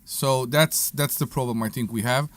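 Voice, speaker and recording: A man co-hosting a casual radio talk show, excitable and playful, hesitating as he talks. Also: mid-range voice, normal speed.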